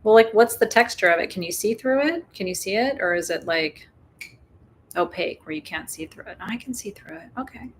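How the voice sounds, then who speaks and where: A woman's voice: on the low side, lively intonation, a little fast, slight background noise. A woman hosting a full moon ritual, chatting casually and calling in guides with playful whoops. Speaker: spiritual ritual host. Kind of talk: casual livestream ritual talk.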